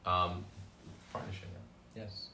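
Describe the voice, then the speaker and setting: A man's voice: deep voice, level tone, takes it slowly, pushed and bright, a little hiss or hum. Serious-sounding man chatting in an echoey room. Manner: serious, thoughtful, joking dryly. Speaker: co-host. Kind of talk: casual chat.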